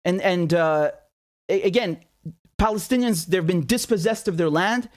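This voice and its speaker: A man's voice: high-pitched, normal speed. A man hosting political commentary, indignant and passionate, firing off one rhetorical question after another.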